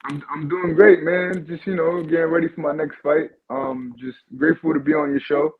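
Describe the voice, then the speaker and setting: Young man, New York accent, earnest interview guest, husky, phone-line audio. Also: a little high, fairly even intonation, normal speed. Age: 20s. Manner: earnest, repeats "you know". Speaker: guest boxer. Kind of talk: remote interview via phone.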